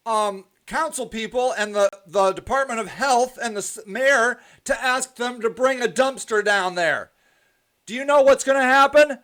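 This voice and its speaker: Male streamer, high voice, preachy and repetitive, talks straight to his viewers live. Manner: preachy, repetitive, ranting then softly rambling. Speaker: host of a live stream show. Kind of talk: impassioned live stream monologue.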